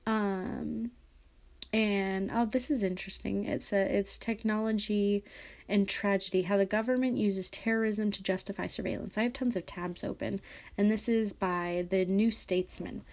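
A woman's voice: medium pitch, fairly even intonation, moderate pace, a little mellow. A young woman hosting a solo podcast, chatting casually and reading articles aloud, rambling with many fillers and self-corrections. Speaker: podcast host.

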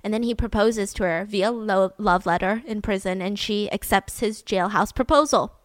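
A young woman hosting a true-crime podcast, telling the story in an animated, casual, slangy way. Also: mid-range voice, normal speed, no echo. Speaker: podcast host.

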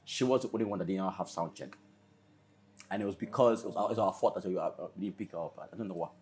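A young man in his twenties speaks as a guest on a podcast. His voice is fairly low, and he tells stories earnestly, circling back and restarting often. The conversation stays casual. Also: fast, darkish tone. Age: 20s. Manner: earnest, rambling storyteller with many restarts. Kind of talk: casual interview chat.

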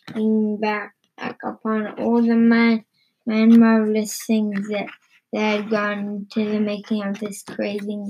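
A woman reading a children's story aloud in a halting way, often stumbling and repeating words. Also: on the high side, background noise. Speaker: reader.

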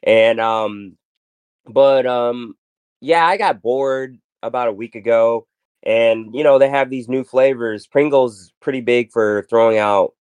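In a dry recording, a man with a mid-range, slightly mellow voice speaks unhurriedly in a clear, resonant tone. He hosts a casual podcast chat, wandering through stories full of fillers and false starts.

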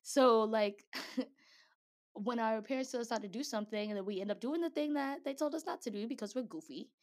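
A woman's voice: a little high, fairly quick. Chatty young woman giving a devotional talk. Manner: chatty, slangy, laughs often, acts out quotes. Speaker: speaker at a Christian gathering.

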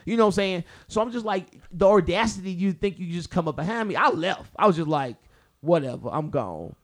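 A male comedian tells a story in casual chat, animated and profane, acting out what people said. His voice sits high and he talks briskly.

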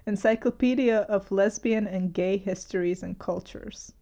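A young adult woman co-hosting a podcast, relaxed and quick to laugh, sometimes reading passages aloud in casual chat. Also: medium pitch, dull audio. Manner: relaxed, laughs often, reads aloud from sources. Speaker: podcast co-host.

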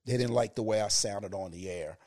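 Though the interview is relaxed and his tone is reflective, this college educator in his fifties talks fairly quickly in his deep radio voice.

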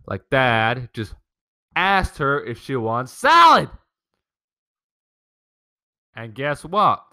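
Speaking at a medium pitch with a pushed, bright delivery, this young man runs a casual home podcast. He rants profanely and at length about gripes with his family.

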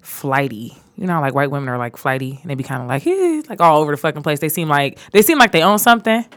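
A young woman co-hosting a casual podcast, telling work stories in an animated way, full of fillers. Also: sits low, quick pace, dry recording, studio quality. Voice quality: animated storyteller, lots of fillers. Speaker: podcast co-host.

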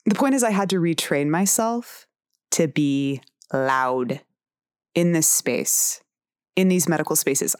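A woman in her forties talks on her tarot podcast in a low voice. She speaks frankly and candidly, swears freely and laughs easily. The recording is dry and close. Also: no room sound. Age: 40s. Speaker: podcast host. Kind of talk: personal tarot podcast monologue.

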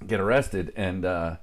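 A man in casual chat, laid-back and chuckling, swearing freely as he recalls old times. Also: low-pitched.

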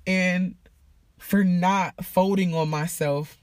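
A woman's voice: on the low side, steady tone, slow, darkish tone, no echo. Woman vlogger, heartfelt and casual, swears easily, dead dry recording. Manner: emotional, heartfelt, profane and casual. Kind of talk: candid personal vlog talk.

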